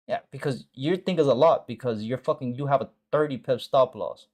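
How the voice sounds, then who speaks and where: A man's voice: medium pitch, normal speed, a little mellow. A man hosting a live trading stream, talking casually and bluntly to viewers, swearing and repeating short phrases for emphasis. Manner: blunt and profane, talks straight to viewers with slang. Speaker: forex trading mentor and stream host.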